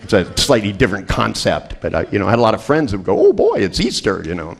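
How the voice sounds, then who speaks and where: A man's voice: on the low side, expressive, very fast, gravelly. A middle-aged man giving a humorous seminar talk to a group, telling jokey stories and acting out the voices of people in them. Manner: joking storyteller who acts out quoted voices. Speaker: seminar trainer.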